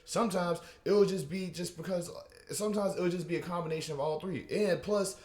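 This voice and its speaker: A man doing a rambling, animated stand-up comedy rant, with many restarts and asides. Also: high-pitched, a little fast, echoey room.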